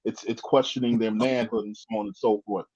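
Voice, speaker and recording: A man's voice: fairly low pitch, steady tone, a little fast, a little mellow, breathy edge. A man, a guest in a casual chat, who keeps saying "you know what I mean" and restarts his sentences. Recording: dull lo-fi sound.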